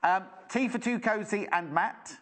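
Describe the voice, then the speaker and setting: A British man with a slightly high-pitched voice presents products on live shopping television. His delivery is chatty and enthusiastic, full of rambling asides. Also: measured pace, fairly bright tone.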